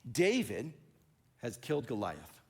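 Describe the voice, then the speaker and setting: Lively, animated male pastor. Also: medium pitch, unhurried, husky. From Oregon. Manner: animated storytelling, acting out other voices. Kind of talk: conversational sermon.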